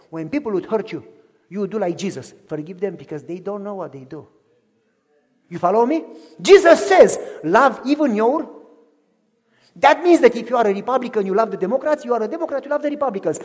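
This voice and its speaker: Male pastor preaching, high voice, hushed to shouted, long church reverb. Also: husky. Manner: acts out quoted voices in dialogue. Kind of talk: sermon.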